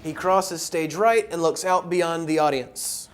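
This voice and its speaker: A man reading stage directions aloud at a rehearsal in a dutiful, flat way. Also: fairly high pitch, measured pace, slight background noise, lightly acted.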